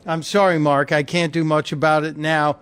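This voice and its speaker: A man's voice: on the high side, little pitch movement, moderate pace, a bit bright, clear, resonant tone, no room sound. A man hosting a talk radio show and taking calls, chatty and jokey, often stumbling and repeating words. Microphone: studio microphone.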